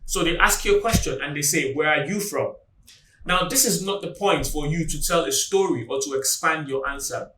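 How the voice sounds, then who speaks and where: A man with a bright, forceful, slightly high voice gives a tutoring lesson, stressing his points and slowing right down on example lines. He sounds a little away from the mic in a roomy, echoey space. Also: far from the mic. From Nigeria. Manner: deliberate, emphatic teaching delivery with slowed example phrases. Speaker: IELTS tutor. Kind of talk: instructional video lesson.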